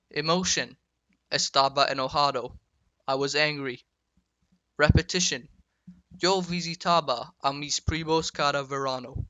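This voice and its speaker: A man giving a school-style grammar lecture, spelling out verb endings slowly and telling viewers to write them down. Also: fairly high pitch, bright, forceful tone, clean tone, no echo, rough recording. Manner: slow, deliberate, spells out endings, asks viewers to take notes. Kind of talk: student-made lecture video.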